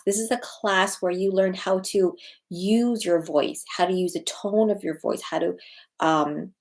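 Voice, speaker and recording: A woman's voice: mid-range voice, low-quality recording. A woman in her thirties, a people skills coach, telling a personal story in a casual advice vlog, repeating key phrases for emphasis. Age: 30s. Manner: animated storytelling with frequent repetition for emphasis.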